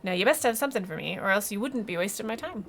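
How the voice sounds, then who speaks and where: A woman's voice: mid-range voice, animated, fast, a bit bright. A woman voicing a scheming male pirate fish captain who talks in boastful pirate slang. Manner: pirate talk, scoffing and boastful.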